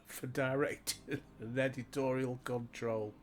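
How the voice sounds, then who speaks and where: A man's voice: mid-range voice, takes it slowly, a little hiss or hum. An older man with a Yorkshire accent giving casual, crude, self-mocking commentary while playing a game. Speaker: gaming channel host.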